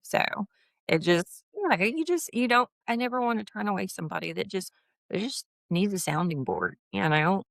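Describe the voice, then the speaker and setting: A woman's voice: mid-range voice, expressive, normal speed, creaky, no echo, studio quality. A woman in her fifties, a guest in a casual interview, chatting about her HR consulting work and acting out quoted dialogue with laughs. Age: 50s.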